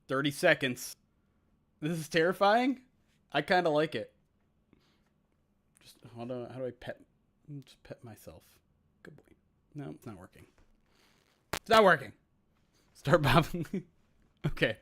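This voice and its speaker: A man's voice: on the high side, lively intonation, a bit bright. A man streaming a football video game simulation, chatting casually with viewers, laughing at himself and calling the plays. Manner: chatty, self-mocking, quick to laugh. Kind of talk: casual live-stream chat and play-by-play.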